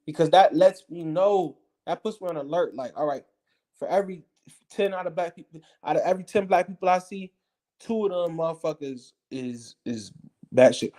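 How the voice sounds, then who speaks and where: This is a combative monologue, blunt and full of profanity, that keeps repeating its points for emphasis. The speaker talks straight at the viewer in a heated rant, at a middling pitch. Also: moderate pace, mellow. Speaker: political commentator.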